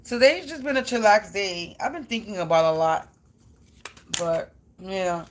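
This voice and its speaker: A woman's voice: medium pitch, expressive, a little slow, a little hiss or hum. Blunt, profane woman card reader. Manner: blunt, profane, slangy and rambling. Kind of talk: casual rambling chat to viewers.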